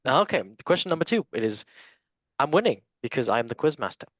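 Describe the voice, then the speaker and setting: A man's voice: mid-range voice, very animated, fairly quick, fairly bright tone, no echo. A man hosting a casual football quiz, joking and stumbling over French names. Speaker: quiz master.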